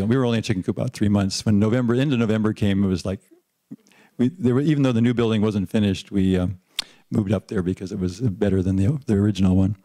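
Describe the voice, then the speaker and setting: An older man on a panel telling an anecdote about his teaching days, often chuckling and restarting his sentences. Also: lowish voice. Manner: lively storyteller who chuckles and restarts often. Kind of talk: anecdotal storytelling.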